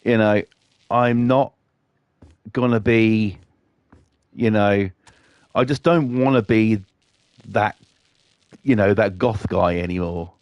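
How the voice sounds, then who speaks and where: A man's voice: lowish voice, takes it slowly, pauses often, no room sound, dull audio. A British man chatting casually on his live stream, rambling and swearing a lot.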